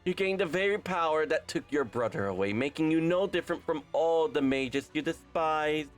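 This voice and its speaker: A young man reading a game's story aloud and voicing every part, animated and quick to correct his own slips. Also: fairly high pitch, faint music behind. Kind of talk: game script readthrough, voicing all parts.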